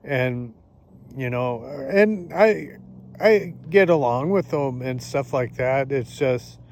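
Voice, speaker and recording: A man talking to the camera in a casual, halting way, with many fillers and restarts, outdoors in the countryside. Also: medium pitch, animated, a little mellow, slight background noise. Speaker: vlogger. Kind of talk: casual spoken reflection.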